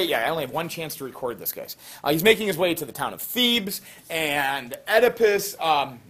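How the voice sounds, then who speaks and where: A male teacher retelling an ancient myth to his class in a jokey, slangy, animated way, with many fillers. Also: high voice. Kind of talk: classroom storytelling lecture. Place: classroom with students.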